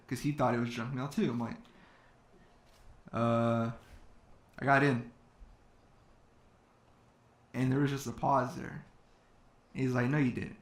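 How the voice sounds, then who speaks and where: Here a man of medium pitch and fairly bright tone recounts something personal to listeners in an echoey hall. Filler words come often as the Californian acts out quoted dialogue in his own voice.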